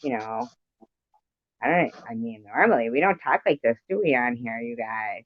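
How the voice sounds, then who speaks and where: A woman's voice: extremely low pitch, expressive, normal speed, no echo. A woman hosting a livestream in casual chat, rambling and laughing often. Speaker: livestream host. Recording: muffled dry livestream audio.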